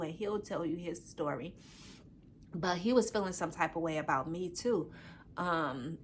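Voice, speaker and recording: Animated woman telling a story. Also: lowish voice, slight background noise. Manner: animated, acts out quoted dialogue, frequent "I'm like". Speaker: podcast co-host. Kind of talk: casual storytelling.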